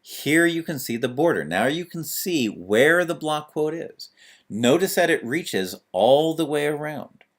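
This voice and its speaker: A man's voice: a little high, animated, measured pace. A man teaching a screencast lesson on web pages, talking through each step as he types, with fillers. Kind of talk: screencast tutorial.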